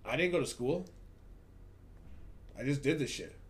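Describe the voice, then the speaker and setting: Animated, profane work stories pour out of this Hollywood podcast host during a casual chat. His voice sits in the mid-range, and he keeps a measured pace while he rants.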